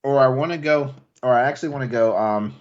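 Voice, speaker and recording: A podcast co-host with a medium-pitched voice talks quickly in a casual chat, rambling with many restarts and fillers. The lo-fi audio sounds slightly dull.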